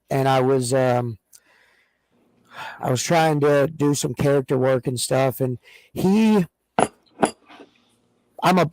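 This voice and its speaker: A man co-hosting a casual podcast chat, telling stories in an excitable, rambling way with many restarts. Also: a little high, gravelly, no echo, low-quality recording. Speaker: co-host.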